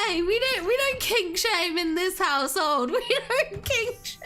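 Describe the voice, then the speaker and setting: Woman, game streamer, giggly casual chat, unhurried, bright tone. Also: very high voice, animated, faint music behind. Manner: giggly, laughing to tears, self-deprecating.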